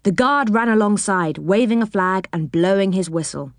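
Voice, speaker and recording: Expressive woman reading a children's story. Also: mid-range voice, normal speed, no echo, studio quality.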